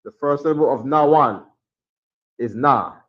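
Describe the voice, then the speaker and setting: A man's voice: mid-range voice, measured pace. A man teaching a class from a chart, repeating himself and checking in with "right?" after each point, sometimes dropping to a mutter. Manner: drops to a mutter when fiddling with the camera. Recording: dull lo-fi sound.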